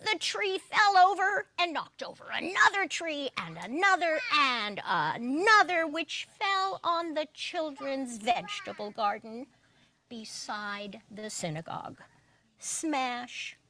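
A woman reads a children's story aloud at a worship service, animated and expressive. Her voice is high and bright, with a very slow pace, and the sound is dry and close. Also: no echo.

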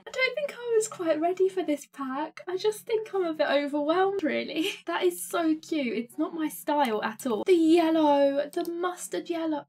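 A young woman gives casual, excitable commentary while playing a life-sim game, gasping and gushing as she goes. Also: high voice, breathy edge. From England. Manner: gushing, excitable, gasps often. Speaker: gaming streamer.

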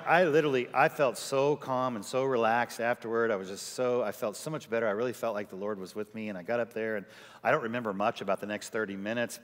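A male pastor preaching a sermon, telling a personal story with lively quoted voices. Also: medium pitch. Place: large church sanctuary. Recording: church hall reverb.

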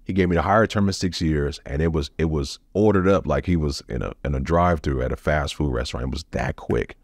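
A man's voice: rumbling low, quick pace, no room sound, studio quality. A man telling his own story as a podcast guest, blunt and profane, with emotional swings. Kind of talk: candid personal storytelling.

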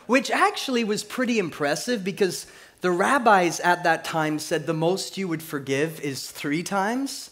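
Storytelling preacher, fairly high voice. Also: male voice, normal speed. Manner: storytelling, with big swings between hushed and lively delivery; laughs at his own stories. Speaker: pastor. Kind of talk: sermon.

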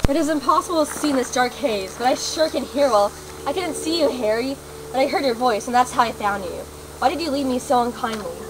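A woman's voice: high-pitched, fairly quick, noisy background, lightly acted. Woman playing a distraught young witch. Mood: pleading. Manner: pleading, desperate.

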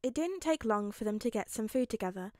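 A woman calmly narrating a fanfic as an audiobook reader. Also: on the high side, a little fast, dry recording, clean studio sound. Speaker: podfic reader.

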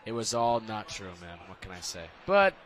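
Excitable rambling young male commentator. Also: fairly low pitch, moderate pace, a little hiss or hum. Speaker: color commentator. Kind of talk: casual sports commentary.

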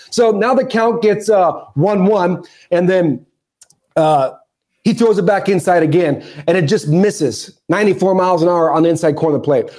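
A man in his forties tells a story on a podcast, his voice sitting high for a man. He's animated, rising and dropping a lot and acting out the shouts and asides he quotes. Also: a little fast. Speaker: podcast guest, former ballplayer. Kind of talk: storytelling interview.

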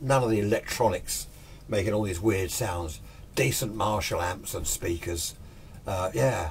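A man's voice: lowish voice, darkish tone, a little hiss or hum. An older man chatting casually and rambling with chuckling asides. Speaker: hobbyist video host. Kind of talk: casual chat.

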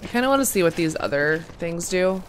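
A woman's voice: fairly low pitch, lively intonation, quick pace, a little hiss or hum. A young woman giving casual commentary while playing a video game, reading game text aloud and chatting to herself. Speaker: gaming streamer. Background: game music.

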